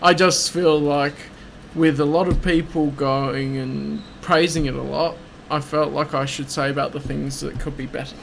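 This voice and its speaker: A man with a gravelly, fry-edged voice talks through his views on a comic in an easygoing, agreeable way. He sits a little high for a man and speaks with care. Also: moderate pace, a little hiss or hum, poor audio. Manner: relaxed, agreeable, explains his views carefully. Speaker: comic review podcast host. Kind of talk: casual chat.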